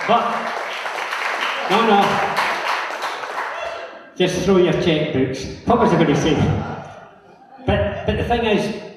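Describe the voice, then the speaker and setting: A Scottish man with a fairly high voice tells a long, rambling story to a conference audience. He acts out the other people's lines as he goes. He is picked up from a distance in a big hall with a long, echoing reverb. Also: noisy background. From Scotland. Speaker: local councillor giving a talk. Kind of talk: anecdotal conference talk. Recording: echoey hall from far off.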